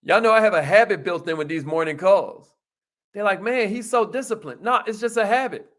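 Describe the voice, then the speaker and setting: A middle-aged man giving a motivational talk to a live call audience, folksy and animated, calling out to his listeners. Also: high-pitched, a little fast. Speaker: motivational speaker.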